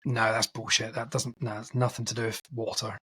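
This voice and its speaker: A man co-hosting a film podcast, casually retelling a film's plot in a rambling, animated way and acting out quotes. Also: mid-range voice, brisk, breathy edge. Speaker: podcast co-host.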